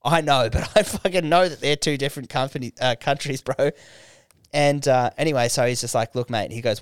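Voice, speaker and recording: A young Australian man with a smooth, resonant voice and middling pitch spins a long story on a laid-back podcast. He swears freely and acts out both sides of a conversation. The sound is close and dry. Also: fairly quick, dry recording. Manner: swearing, animated retelling with quoted dialogue. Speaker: podcast co-host.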